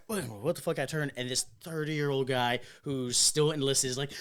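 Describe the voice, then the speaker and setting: A man's voice: mid-range voice, steady tone, moderate pace, few pauses, smooth. A young adult man hosting a podcast, telling a crude story with lots of laughter. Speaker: podcast host and comedian. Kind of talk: casual chat, storytelling.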